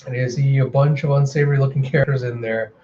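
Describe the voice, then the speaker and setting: Chatty man reviewing a comic, mellow, slightly dull home recording with a fan humming behind. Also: mid-range voice, quick pace, a little hiss or hum. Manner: chatty, animated retelling. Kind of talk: casual readthrough narration. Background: fan running.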